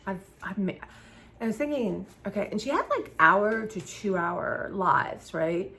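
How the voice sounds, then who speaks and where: A woman's voice: mid-range voice, animated, unhurried, vocal fry, pushed and bright, a little hiss or hum. A woman from southern Maryland chatting casually to her viewers while she paints, rambling and trailing off mid-sentence. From southern Maryland, USA. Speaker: YouTuber.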